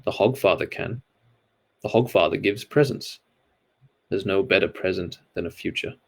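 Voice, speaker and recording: A man voicing the grave, literal-minded figure of Death in a read-aloud storybook, with a slow, solemn, flat delivery. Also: low-pitched, creaky.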